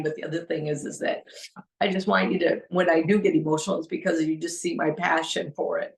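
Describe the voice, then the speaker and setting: A woman's voice: low-pitched, flat delivery, fairly quick, vocal fry. A middle-aged woman hosting a heartfelt solo podcast, talking earnestly and pleading, repeating phrases for emphasis. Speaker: podcast host.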